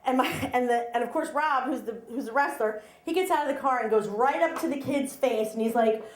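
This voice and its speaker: A middle-aged woman telling a story on stage at a live story slam, chatty and animated, acting out the voices of the people in it. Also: on the high side, a little fast. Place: small live venue with audience. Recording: roomy live venue sound.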